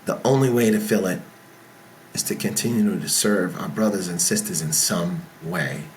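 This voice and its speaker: A man talking as an interview guest, telling his story in a loose, animated way. He is frank and swears without fuss. His delivery is casual and conversational. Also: deep voice, moderate pace, a little hiss or hum. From military veteran. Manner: animated storyteller who acts out dialogue. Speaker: podcast guest, business founder.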